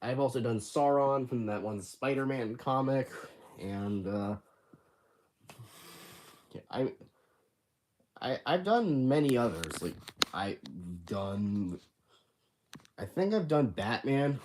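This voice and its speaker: Teenage boy, livestream host, rambling and halting, bedroom, faint noise behind. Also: mid-range voice, expressive, a little mellow. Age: teens. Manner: rambling, halting, many restarts. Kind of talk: casual livestream chat.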